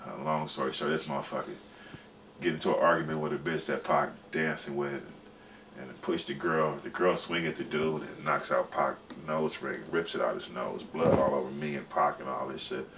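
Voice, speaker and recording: A man's voice: rumbling low, steady tone, normal speed, fairly bright tone. A man in his forties, a guest telling a long, rambling story in profane, slangy casual speech. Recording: distant mic with faint background noise.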